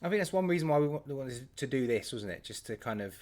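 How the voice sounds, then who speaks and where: A man's voice: mid-range voice, animated, fast, a little mellow. A man hosting a casual live stream, chatty and laughing as he greets viewers by name. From England. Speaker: host.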